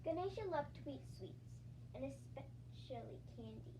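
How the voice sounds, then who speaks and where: A woman reading a children's storybook aloud in a soft, gentle, sing-song way. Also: sits high, expressive, moderate pace, heavy background noise. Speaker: story reader.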